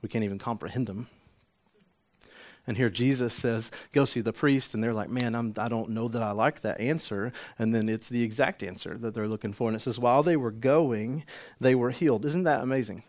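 A man preaching a sermon, an animated storyteller who acts out the scenes he describes. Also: mid-range voice, brisk. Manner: animated storytelling, acts out the healed man's joy. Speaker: pastor.

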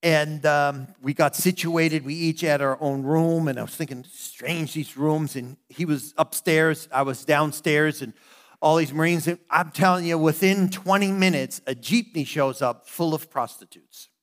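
A man in his fifties from the United States, a pastor preaching a sermon and telling a personal story with earnest, animated asides. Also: a little high, normal speed.

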